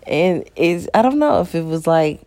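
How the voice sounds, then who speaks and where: A woman's voice: fairly low pitch, darkish tone. A woman and mother talking casually to viewers in a confessional monologue, chatty and profane, poking fun at herself. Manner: chatty, profane, self-mocking, addresses viewers as y'all. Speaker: mother and vlogger.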